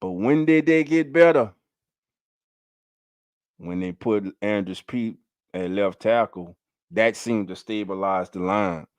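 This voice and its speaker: A man hosting a casual fan livestream. He talks emphatically, repeats key lines for punch and gives shout-outs to viewers in the chat. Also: lowish voice, takes it slowly, pauses often, clear, resonant tone, no room sound. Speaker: fan show host. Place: home livestream setup.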